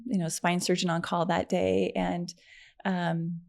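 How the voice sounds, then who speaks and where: A middle-aged woman, a podcast guest, telling a personal story in a chatty, animated way, with many fillers and frequent laughs. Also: fairly low pitch, a little slow, gravelly. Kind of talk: conversational storytelling.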